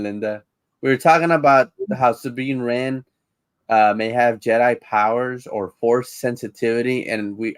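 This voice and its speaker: A man's voice: medium pitch, no room sound. A man co-hosting a casual live-streamed chat, rambling, restarting his sentences and laughing easily. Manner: rambling, repeats words when starting sentences, laughs easily. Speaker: co-host of a live-streamed podcast.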